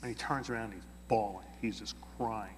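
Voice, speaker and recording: A man being interviewed, telling an anecdote in a lively way and acting out the quoted dialogue. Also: lowish voice, moderate pace, long reverb tail, a little hiss or hum. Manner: animated, acts out quoted dialogue. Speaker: interview guest. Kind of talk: anecdotal storytelling.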